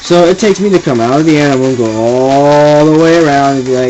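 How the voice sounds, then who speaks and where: A man's voice: a little high, a little fast, few pauses, darkish tone, faint music behind, low-quality recording. A young man ranting casually and with exasperation, rambling and repeating himself. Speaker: vlogger ranting. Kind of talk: casual rant to camera.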